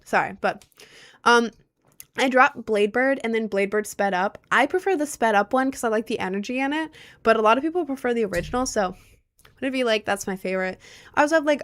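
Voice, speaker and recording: A young woman in her twenties talks casually to her stream while still out of breath, giggling and rambling between topics. Her voice sits a little high for a woman. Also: fairly bright tone. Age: 20s. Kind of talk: casual chat.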